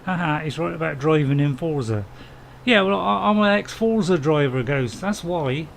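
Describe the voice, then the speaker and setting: Chuckling as he reads viewer messages aloud, a middle-aged man streams gameplay with chatty, jokey commentary in a voice a little higher than most men's, creaky, with lively intonation at a normal pace. A faint hum of ambient noise runs beneath his desk mic, and the audio is poor.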